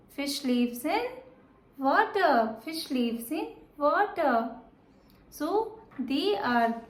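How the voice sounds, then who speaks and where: Woman teacher for a kids' lesson, high voice, very slow and repetitive, echoey room. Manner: slow, repetitive, asks and answers questions. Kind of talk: children's lesson.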